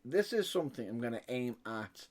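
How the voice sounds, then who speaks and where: A man's voice: medium pitch, very animated, brisk. A British man chatting casually as a podcast co-host, laid-back, with dry remarks. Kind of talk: casual chat.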